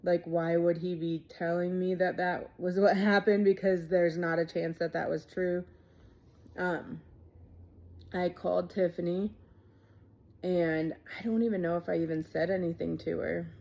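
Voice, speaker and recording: A woman in her thirties tells a personal story in a low, heavily gravelly voice with a dark, mellow tone. She speaks casually and haltingly, with frequent fillers and asides that drop to near a murmur. Her pitch stays flat and even throughout. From Ohio, USA. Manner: halting, many fillers and quiet trailing asides. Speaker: storyteller recounting her life.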